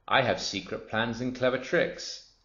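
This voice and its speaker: A man's voice: mid-range voice, a little slow, sharp tone, pitched above the performer's own voice. Guy doing a smug greedy crocodile, sly and boastful, kinda dull roomy recording. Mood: gloating. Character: gloating greedy male crocodile.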